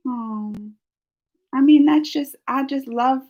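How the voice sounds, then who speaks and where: High-pitched and captured with lo-fi sound, this woman hosts a casual live stream through a computer microphone. She reads out chat comments in a rambling, chatty way, laughing a lot and starting her sentences over.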